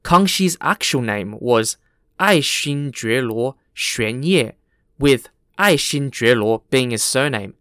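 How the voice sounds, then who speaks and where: A man's voice: mid-range voice, fairly bright tone, clear, resonant tone, no room sound, clean studio sound. A man hosting a history podcast, speaking in a friendly way and spelling out names. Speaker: podcast host.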